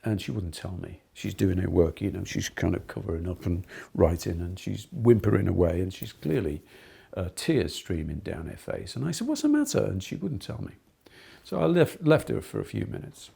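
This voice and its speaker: A man's voice: low voice, expressive, normal speed, vocal fry, mellow, breathy edge. A middle-aged man giving an earnest lecture to trainee teachers, telling anecdotes with many fillers and restarts.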